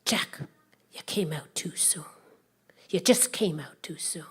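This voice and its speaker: A woman storyteller voicing the north wind as a patient mother who scolds gently in a hushed voice. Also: low-pitched, slow pace, slightly rough, in a whisper, heavily acted. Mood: reproachful.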